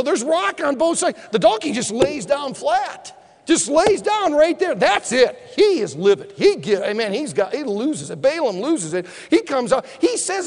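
A male preacher giving a sermon as an animated storyteller who acts out the scenes and drops to a hushed tone for appeals. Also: very high voice. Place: church hall. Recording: long hall reverb.

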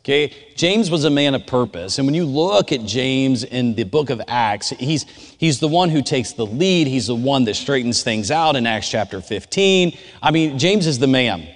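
A man giving a relaxed, conversational sermon. He tells personal stories and talks directly to his audience. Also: mid-range voice, normal speed. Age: adult. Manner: informal, storytelling, speaks directly to the audience. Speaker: chapel speaker. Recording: long hall reverb.

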